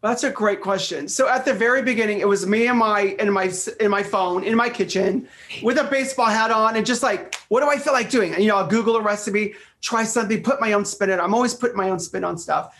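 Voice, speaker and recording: A middle-aged man chatting as an interview guest, animated and storytelling, often repeating phrases, heard over a video call. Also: high voice, fast talker. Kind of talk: casual interview chat.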